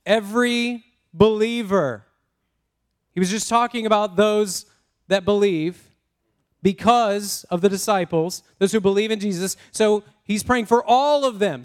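A man preaching a lively sermon, prompting the congregation to repeat words and talking in a casual, self-interrupting way. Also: sits high, normal speed, clear, resonant tone. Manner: energetic, call-and-response with congregation. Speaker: pastor.

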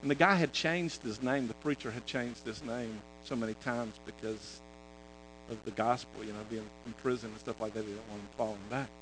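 A man preaching in a loose, conversational way, retelling a story with many halting restarts. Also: mid-range voice, over music, low-quality recording. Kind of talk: sermon storytelling.

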